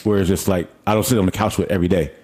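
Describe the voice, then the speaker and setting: A man co-hosting a podcast in casual chat, teasing and animated. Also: low-pitched, rapid-fire. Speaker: podcast co-host.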